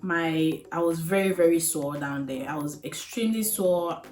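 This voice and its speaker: A woman's voice: deep voice, normal speed, a little mellow. Chatty young woman in a roomy space. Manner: candid, chatty, with many fillers and frank asides. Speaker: vlogger. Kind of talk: casual storytelling to camera. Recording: roomy echo with faint music.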